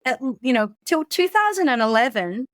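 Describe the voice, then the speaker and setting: Woman in her forties, fairly high voice, candid halting storytelling, dry close sound. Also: sing-song, fairly bright tone, dry recording. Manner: candid, halting, with frequent fillers and restarts. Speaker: podcast guest. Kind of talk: casual conversation, personal storytelling.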